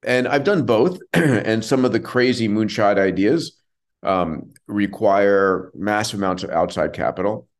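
Deep-voiced male podcast host. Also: measured pace. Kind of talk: conversational podcast.

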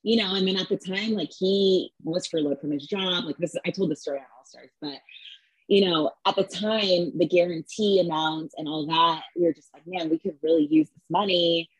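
Chatty thirties woman, lowish breathy voice, lots of likes and ums. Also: normal speed, no echo, rough recording. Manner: chatty, filler-heavy, acts out quotes. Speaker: guest. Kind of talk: casual storytelling.

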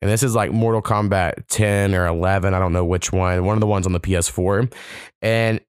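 A man's voice: deep voice, a little fast, clean tone, dry recording, studio quality. A man in his thirties hosting a solo podcast, telling casual, profane stories and acting out the people in them. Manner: profane, animated, quotes people in put-on voices. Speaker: podcast host.

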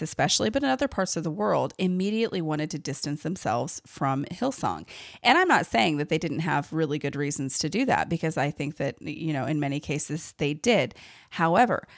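Woman podcast host, somewhat low voice, frank and emphatic, casual delivery, dry close sound. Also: no room sound. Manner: candid, emphatic, uses many fillers. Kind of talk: casual solo podcast commentary.

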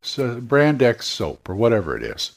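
A man imitating a folksy old-time radio host who pitches soap in a low, easygoing voice, as if to one friend. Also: wildly swooping pitch, normal speed, creaky, exaggerated voice. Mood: chummy. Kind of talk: radio commercial impression.

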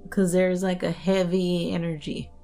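A young adult woman hosting a casual podcast and doing a tarot reading, chatty and quick to laugh. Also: fairly low pitch, soft background music. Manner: chatty, laughs often, relaxed and warm-hearted. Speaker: podcast host and tarot reader.

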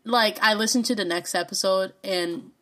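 A young woman co-hosts a casual podcast. She talks in a lively, chatty, blunt way. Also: mid-range voice, moderate pace. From Brazil. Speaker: podcast co-host. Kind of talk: casual chat.

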